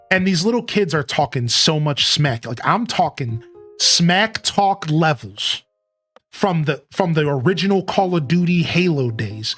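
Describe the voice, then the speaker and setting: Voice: mid-range voice, lively intonation, unhurried, a bit bright, soft background music. A streamer chatting casually with a live audience, telling a story loosely and greeting viewers by name.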